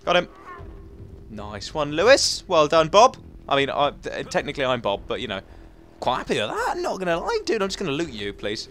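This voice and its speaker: A man giving chatty, excitable let's play commentary, talking to himself as he plays. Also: mid-range voice, a little fast, soft background music. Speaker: gaming commentator.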